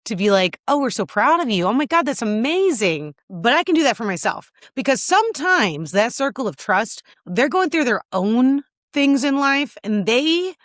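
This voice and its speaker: A woman's voice: mid-range voice, fairly bright tone, dry recording, studio quality. A woman hosting her podcast, talking candidly and casually with lots of fillers, a little teary. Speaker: podcast host. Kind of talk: casual solo video check-in.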